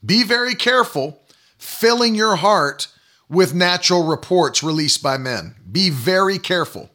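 Bright-voiced preaching man in his thirties. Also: sits high, expressive, a little slow. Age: 30s. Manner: emphatic preaching, mocking quoted doubters. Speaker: pastor. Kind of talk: sermon.

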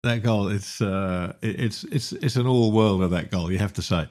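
A man co-hosting a casual sports podcast, talking in a dry, wry, unhurried way. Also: fairly low pitch, darkish tone. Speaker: podcast co-host.

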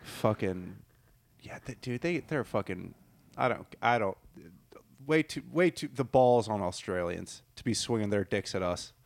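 A man's voice: on the low side, lively intonation, a little slow, creaky, no echo. A man co-hosting a podcast who talks casually, swears a lot and works himself up into rants. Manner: profane, ranting, gets worked up. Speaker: podcast co-host.

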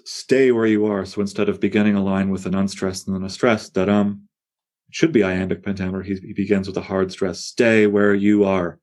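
A man's voice: fairly low pitch, a little mellow. A man leading a poetry seminar, reading lines aloud with relish and tapping out the meter as he explains it. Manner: reads verse aloud with relish, taps out meter. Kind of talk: seminar discussion.

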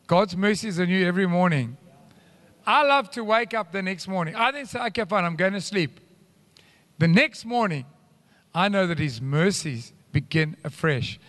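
A man preaching a sermon with animated swings between loud and hushed, and rambling asides. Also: very high voice. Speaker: pastor. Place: church hall. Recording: live church hall reverb.

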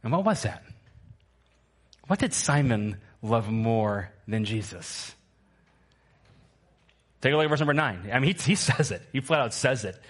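A man's voice: mid-range voice, expressive, measured pace, long pauses. A male pastor preaching a sermon to his church, emphatic and repetitive, asking the congregation to answer back.

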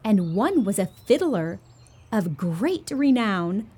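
A woman's voice: mid-range voice, very animated, slow pace, darkish tone, husky. A woman reading a picture book aloud to young children as a storyteller, in a sweet, sing-song manner.

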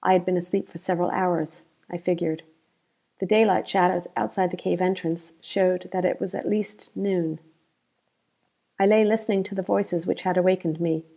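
A woman narrating an audiobook in a steady, measured reading. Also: on the low side, gravelly.

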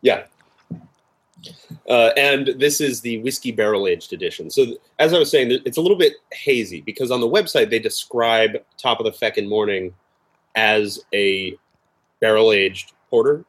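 A man's voice: mid-range voice, lively intonation, moderate pace, slightly rough. A man co-hosting a casual tasting chat over a video call, explaining things hesitantly with lots of fillers. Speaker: co-host of a drinks tasting show.

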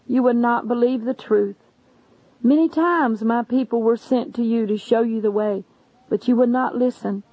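A woman's voice: on the high side, normal speed, no echo, natural voice. A woman voicing a sorrowful male savior who speaks solemnly of judgment. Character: sorrowful stern male savior judging souls. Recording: dull lo-fi recording.

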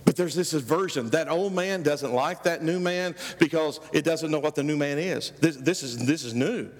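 A middle-aged male pastor preaching a sermon, emphatic and rising loud on key phrases. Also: a little high, moderate pace. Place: church sanctuary. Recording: church hall with long reverb.

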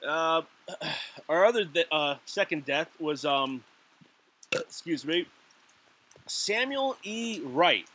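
A man's voice: a little high, expressive, takes it slowly, long pauses, pushed and bright, breathy edge. A man co-hosting a casual podcast chat, rambling with lots of fillers and fits of giggles. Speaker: podcast co-host.

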